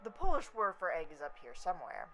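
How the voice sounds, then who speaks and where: A young adult woman vlogging in casual, rambling chat. She is animated, swears freely and keeps slipping into quick impressions. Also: fairly low pitch.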